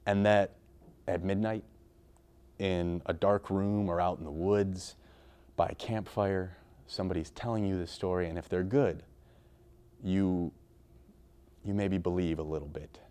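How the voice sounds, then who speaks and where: A man giving thoughtful, measured interview commentary. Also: low-pitched, fairly even intonation, warm tone, clean tone. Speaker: folklorist or storyteller.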